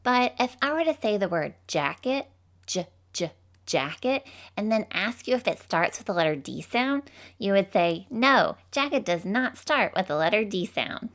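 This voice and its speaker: A woman's voice: mid-range voice, lively intonation, moderate pace, fairly bright tone. A woman voicing a cheerful cartoon phonics teacher, encouraging children with bubbly, sing-song praise.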